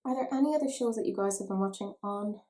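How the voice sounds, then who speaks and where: Poor audio captures an Irish beauty vlogger talking fast in a medium-pitched, dark-toned voice. Doing her makeup at home, she keeps the tutorial casual, playful and self-mocking.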